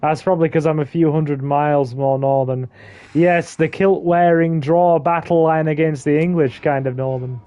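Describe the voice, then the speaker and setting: A man's voice: on the high side, steady tone, moderate pace, warm tone, lo-fi sound. A man co-hosting a gaming stream, joking and reading chat aloud. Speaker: game stream co-host. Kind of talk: casual gaming commentary.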